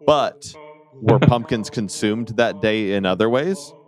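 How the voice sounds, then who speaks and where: A man hosting a casual podcast trivia game, hesitant with many fillers and quick to laugh. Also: on the low side, a little mellow.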